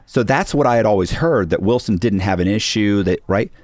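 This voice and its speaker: A man's voice: on the low side, lively intonation, brisk, darkish tone, no echo. A man, a podcast guest, telling a long story in a casual interview and acting out the dialogue of the people in it.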